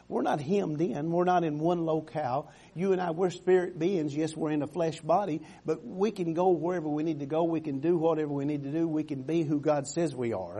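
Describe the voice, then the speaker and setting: A man preaching a sermon with fervor, swinging from loud exhortations to soft, quiet passages. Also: on the high side, breathy edge. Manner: fervent, rising to loud exhortations, dropping to soft tones.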